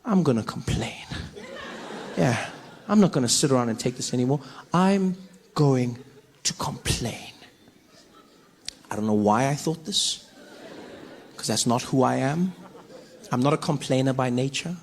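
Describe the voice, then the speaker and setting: A man with a South African accent doing stand-up comedy, telling stories in a playful, animated way. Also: medium pitch, moderate pace, pauses often. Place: comedy stage.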